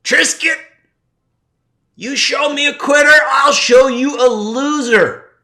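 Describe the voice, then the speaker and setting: A man imitating his old martial arts teacher yelling a stern, loud command. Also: very high-pitched, slow pace, pitched above the performer's own voice, heavily acted. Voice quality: loud, barking.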